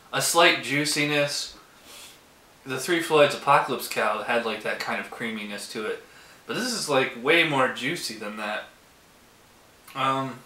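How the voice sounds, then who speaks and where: A man reviews a beer in a loose, rambling way, filling gaps with "like" and "um." His voice sounds very bright and forceful. The room around him is echoey. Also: mid-range voice. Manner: rambling, heavy use of "like" and "um". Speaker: beer reviewer, show host. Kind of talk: casual beer tasting review. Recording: roomy echo.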